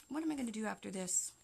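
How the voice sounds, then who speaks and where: This Canadian wreath-making host has a mid-range, bright voice with a forceful tone. Chatty as she works, she talks live viewers through the craft step by step, with a little hiss or hum in the audio.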